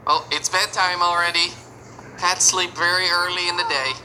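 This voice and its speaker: A woman hosting a reaction video, narrating animated shorts with emotional exclamations. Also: fairly low pitch, normal speed, a little hiss or hum, poor audio.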